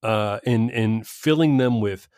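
A man in casual, profane political chat, animated and swearing freely. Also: lowish voice, dry recording, studio quality. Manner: animated, swearing, quick mock impressions.

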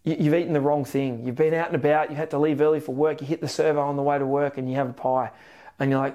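A man with an Australian accent hosting a motivational podcast, telling stories energetically with sudden excited rises. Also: mid-range voice, quick pace. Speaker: podcast host, weight loss coach.

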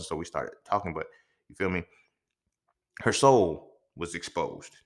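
A man's voice: low-pitched, lively intonation, unhurried, long pauses. A young man hosting a podcast, telling a personal story in a loose, profane, conversational way, often checking in with the listener. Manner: loose, profane, conversational with frequent "you feel me". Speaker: podcast host. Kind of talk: casual storytelling monologue.

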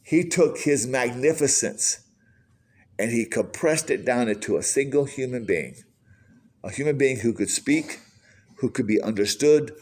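A pastor preaching an earnest sermon, asking the listeners question after question. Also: male voice, medium pitch, expressive, unhurried, a little mellow, husky.

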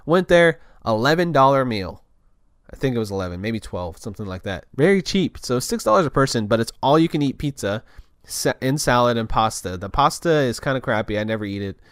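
A man's voice: mid-range voice, expressive, brisk, clean tone, no echo. Rambling young man, dry close voice. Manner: rambling, loose, full of "like" and restarts. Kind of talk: casual storytelling monologue.

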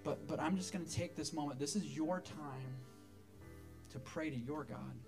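A man's voice: a little high, normal speed, gravelly, music in the background. A man preaching as a pastor to his church, earnest, often repeating words as he stresses a point. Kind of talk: sermon. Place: church sanctuary.

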